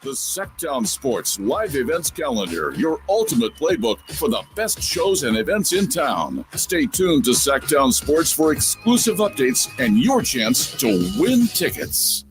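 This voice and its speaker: A man's voice: a little high, big pitch swings, measured pace, few pauses. A man reading a scripted radio events promo in an upbeat, polished way. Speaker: announcer. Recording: promo read over music.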